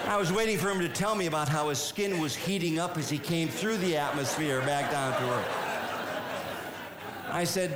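An older man telling a humorous personal story to a live audience, conversational with deadpan punchlines. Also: medium pitch, normal speed, background noise. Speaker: comedic speaker.

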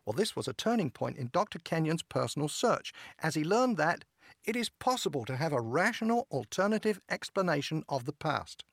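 A man giving a scripted radio devotional narration in a measured, earnest manner. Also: fairly high pitch, sing-song, gravelly, no echo, studio quality.

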